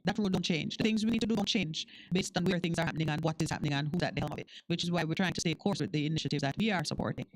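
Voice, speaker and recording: A woman hosting a call-in radio show, answering callers with short agreements and steady encouragement. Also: sits low, racing, hardly any pauses. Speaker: radio host.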